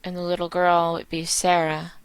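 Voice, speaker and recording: A woman's voice: fairly low pitch, monotone, normal speed, clean tone, no echo. A woman giving game commentary as she plays, musing and half-reading to herself. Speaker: let's play host.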